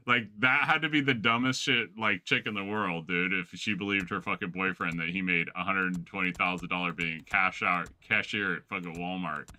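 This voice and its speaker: A man's voice: sits low, fairly even intonation, moderate pace, pushed and bright. A man streaming a game, chatting casually with friends in a rambling, profane way and laughing often. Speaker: gaming streamer. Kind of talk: casual chat while gaming.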